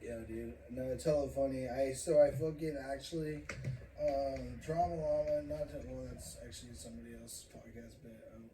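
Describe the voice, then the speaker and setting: A man's voice: medium pitch, fairly even intonation, moderate pace, mellow. A young man hosting a casual podcast, rambling and swearing, laughing often as he tells a story. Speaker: podcast host. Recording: roomy, distant mic, faint noise.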